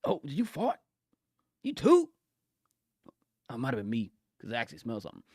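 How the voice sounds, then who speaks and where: Excitable giggly young man streaming. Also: mid-range voice, very fast, gravelly, dry recording, clean studio sound. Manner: excitable, giggly, slangy, keeps saying "bro". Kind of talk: casual live-stream chat. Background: faint music.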